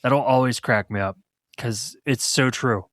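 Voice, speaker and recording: A man's voice: mid-range voice, unhurried, fairly bright tone, no room sound, clean studio sound. Laid-back rambling man on a podcast. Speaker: podcast co-host. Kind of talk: casual chat.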